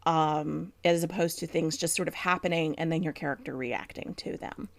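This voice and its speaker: A woman's voice: sits low, fairly even intonation, moderate pace, vocal fry, no room sound. A woman co-hosting a chat show, explaining writing craft in a thoughtful way with frequent ums. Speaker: podcast co-host, book editor.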